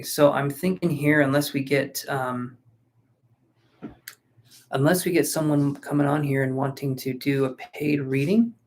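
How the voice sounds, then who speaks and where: A man giving a live-streamed tarot reading, chatting casually and thinking aloud with fillers, sleepy and yawning. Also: mid-range voice. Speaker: tarot reader.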